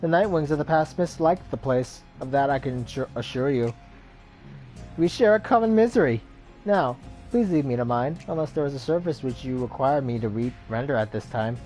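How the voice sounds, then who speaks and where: A man voicing a polite, old-fashioned attendant who addresses the reader formally, slightly higher and louder than his plain voice. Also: moderate pace, faint music behind, natural voice. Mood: courteous.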